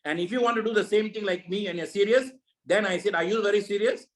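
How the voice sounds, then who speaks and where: A man's voice: sits high, fast, a bit bright, rough recording. A man leading a network marketing meeting over a video call, giving a preachy motivational talk full of repeated rhetorical questions.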